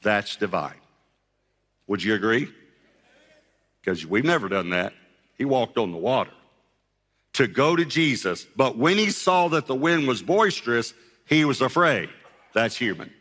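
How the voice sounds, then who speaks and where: Male pastor, mid-pitched, lively humorous preacher, long hall reverb. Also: unhurried, pauses often. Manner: animated storyteller acting out scripture voices with humor. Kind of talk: sermon.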